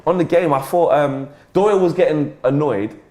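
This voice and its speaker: A man co-hosting a casual football chat show, animated and full of restarts and quoted banter. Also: on the high side, normal speed. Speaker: co-host.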